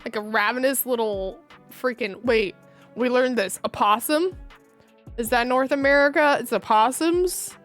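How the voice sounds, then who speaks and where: Woman streamer, upper-pitched, casual self-mocking chat over faint background music. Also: unhurried, a bit bright. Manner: chatty, giggly, self-deprecating. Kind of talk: casual livestream chat while gaming.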